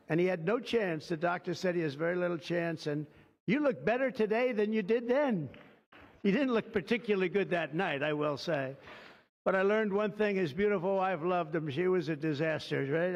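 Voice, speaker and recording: Man, fairly high voice, political leader giving a rambling ad-libbed speech full of praise; dull lo-fi sound in a long hall reverb. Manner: rambling, digressive, heavy on superlatives. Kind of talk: off-the-cuff ceremonial speech.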